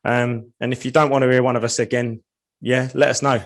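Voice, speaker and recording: A man's voice: mid-range voice, level tone, fairly quick. A man hosting a podcast in casual chat, laid-back and coaxing listeners to take part. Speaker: podcast host.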